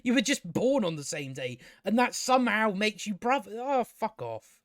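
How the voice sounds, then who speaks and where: A man reviews a TV show for his own channel in rambling, exasperated, profane commentary, his high voice sing-song and fairly bright. He keeps a moderate pace, and the studio-quality audio has no echo.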